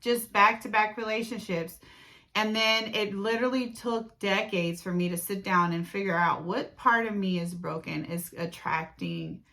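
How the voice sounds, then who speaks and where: A middle-aged woman with a dry throat, telling a personal story in a casual vlog, animated and often clearing her throat. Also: medium pitch, moderate pace, rough recording.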